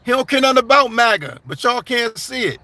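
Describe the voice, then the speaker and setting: A man hosts a casual live stream and answers his viewers' comments in a blunt, conversational way. His voice sits high and sounds bright and forward. The recording is close and dry, with almost no room sound. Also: expressive, fairly quick, dry recording. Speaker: livestream commentator.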